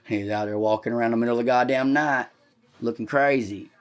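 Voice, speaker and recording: Loud, foul-mouthed man telling stories. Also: mid-range voice, fairly even intonation, a little fast. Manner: profane, rambling, swears constantly; talks loud. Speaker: podcast host. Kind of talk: casual comedic storytelling.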